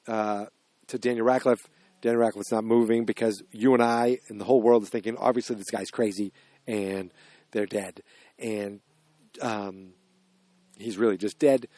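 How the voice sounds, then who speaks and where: A man's voice: medium pitch, a little mellow, no echo. A man hosting a podcast, recapping a film's plot in a rambling, puzzled way, with many restarts and fillers. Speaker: podcast host. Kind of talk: casual movie recap.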